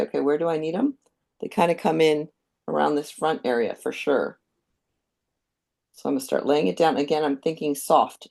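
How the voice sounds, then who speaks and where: A woman giving a live painting demonstration, calmly explaining each step as she thinks aloud. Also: low-pitched, gravelly. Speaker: painting instructor.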